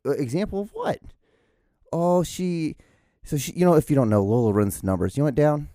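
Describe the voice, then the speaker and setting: On a podcast microphone at home, a non-American host delivers a rambling, casual solo rant, stammering into restarts and swearing often. His voice runs high, brisk, mellow, and very animated, in a dry, studio-quality recording.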